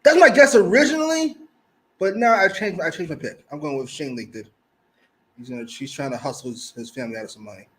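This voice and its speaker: A man's voice: fairly high pitch, fast talker, fairly bright tone, poor audio. A man co-hosting a casual wrestling review podcast, talking bluntly, profanely and mockingly. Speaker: podcast co-host.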